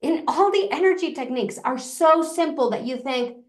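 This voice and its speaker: A woman guest teaching an energy technique, talking listeners through it step by step in a calm, reassuring way, often dropping to a soft murmur. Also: high-pitched. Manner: soothing, reassuring, slows to a soft murmur when guiding. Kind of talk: instructional demonstration. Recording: echoey room.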